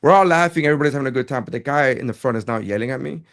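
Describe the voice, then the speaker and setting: Male comedian, podcast co-host, quick casual storyteller who acts out quotes. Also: medium pitch, gravelly. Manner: animated, acts out dialogue in quotes.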